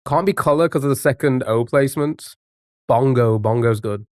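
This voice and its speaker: A man's voice: medium pitch, normal speed, darkish tone, no room sound. Chatty male streamer, dry close sound. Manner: greets chatters by name, chatty and playful. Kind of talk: casual live-stream chat while playing a word game.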